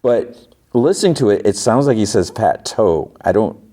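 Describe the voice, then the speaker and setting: A man's voice: fairly low pitch, lively intonation, normal speed, mellow. A man hosting a podcast, recapping an episode casually and rambling with lots of "like" and restarts. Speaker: podcast host.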